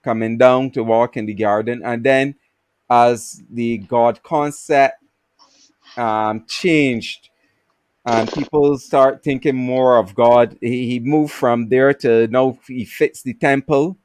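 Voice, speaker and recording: This man speaks slowly over a video call, searching for words and restarting often as he explains. The sound is dry and close, with no room around it, and his pitch sits at an ordinary middle. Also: fairly even intonation, a little mellow, clear, resonant tone, no room sound. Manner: halting, many fillers and restarts, explanatory. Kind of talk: casual livestream discussion.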